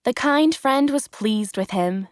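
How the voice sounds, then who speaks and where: A woman narrates a children's storybook clearly and expressively, at an unhurried pace. Her voice sits a little high. The sound is dry and close. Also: no echo. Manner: clear, expressive, carefully paced. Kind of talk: slow storybook reading for learners.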